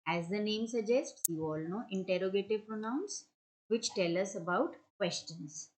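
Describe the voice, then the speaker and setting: A woman's voice: medium pitch, expressive, normal speed, a little mellow, rough recording. A woman teacher patiently explaining grammar to children, giving one example sentence after another.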